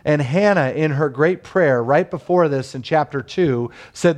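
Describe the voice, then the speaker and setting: A man's voice: on the high side, lively intonation, unhurried, hardly any pauses. A man in his thirties preaching a sermon as pastor, with rising emphasis and frequent rhetorical questions.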